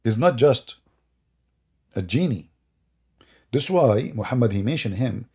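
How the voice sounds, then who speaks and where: Sarcastic guy ranting on a stream, gravelly low-key voice, keeps asking mocking questions. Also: lively intonation, a little slow, dark tone. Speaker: online religious debate host. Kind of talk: mocking livestream commentary.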